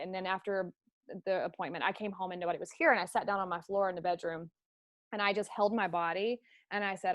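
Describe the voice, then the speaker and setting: A woman's voice: fairly low pitch, fairly even intonation, fast talker, a bit bright, no room sound, studio quality. A middle-aged woman hosting a conversational interview, telling a personal story in an open, emotional way. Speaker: host.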